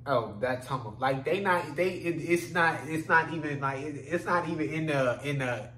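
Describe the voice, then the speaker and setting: A man's voice: mid-range voice, a bit bright. Rambling profane man in an echoey room. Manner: rambling, profane, repeats "you know what I'm saying". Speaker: podcast host. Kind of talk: solo podcast monologue. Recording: echoey room with faint hum.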